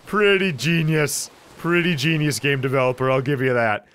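A man giving casual let's play commentary, animated and reading game lines aloud at a desk mic. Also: mid-range voice, moderate pace, clean tone.

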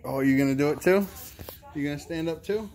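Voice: medium pitch, a little fast, darkish tone. A young adult parent in a home video, talking to babies in sing-song, encouraging baby talk.

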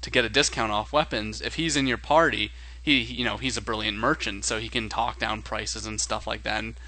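A man's voice: on the low side, fairly even intonation, a little fast, pushed and bright, poor audio. A man co-hosting a casual podcast about tabletop games, running as game master and thinking aloud in a rambling way.

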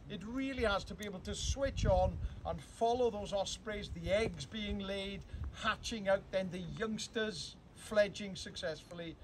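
A man with a Welsh accent giving a chatty, teasing, rambling speech to open a bird hide, full of asides. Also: high-pitched. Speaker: guest speaker opening a bird hide. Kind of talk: humorous off-the-cuff public speech. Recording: crowd noise and background chatter.

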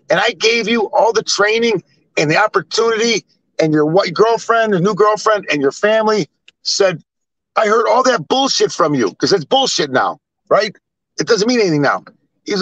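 A man's voice: high voice, expressive, moderate pace, a bit bright, dry recording, rough recording. An older man telling blunt, rambling stories with swearing. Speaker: storyteller. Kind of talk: casual storytelling.

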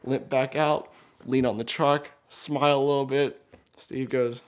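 Young guy, casual storyteller, self-mocking, mid-pitched, acts out the quotes. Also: level tone, unhurried.

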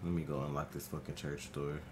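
A man streaming a horror game, talking to himself in casual, profane, excitable commentary. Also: a bass voice, brisk, background noise. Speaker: gaming streamer.

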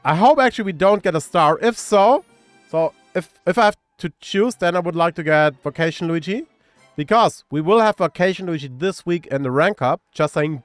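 A man with a German accent giving casual, excitable commentary on a mobile game while reading chat aloud. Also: sits high, moderate pace, dry recording, faint music behind. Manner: excitable, cheers at pulls and reads chat aloud.

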